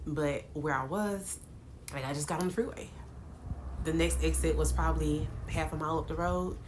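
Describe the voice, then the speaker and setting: A woman's voice: sits low, normal speed, noisy background. A woman vlogger, casually telling her viewers a dramatic story, with lots of laughs. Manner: animated, dramatic retelling with laughs.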